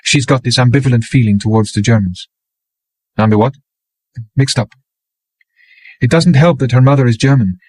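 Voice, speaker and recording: A man reading an audiobook, voicing a blunt, caring young woman who talks in a brisk, chiding way. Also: mid-range voice, darkish tone, slightly rough, no room sound, close to an everyday voice. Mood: earnest.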